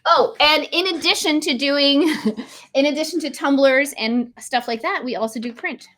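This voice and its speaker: A woman with a high, bright-sounding voice chats as a guest over a video call. She tells her stories in a bubbly, excited rush. She sounds to be in her thirties. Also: moderate pace. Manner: bubbly, excited storytelling with frequent laughs. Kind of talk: casual chat.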